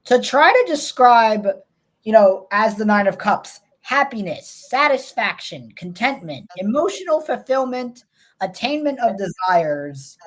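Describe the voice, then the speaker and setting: A woman's voice: fairly high pitch, expressive, a little slow. A woman with a New York accent co-hosting a casual livestream chat, talking in a rambling, self-interrupting way. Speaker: co-host.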